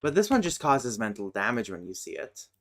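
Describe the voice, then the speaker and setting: A man's voice: mid-range voice, big pitch swings, brisk, a bit bright. A man thinking aloud in fragments while chatting casually as a streamer. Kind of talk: casual chat while working on a language.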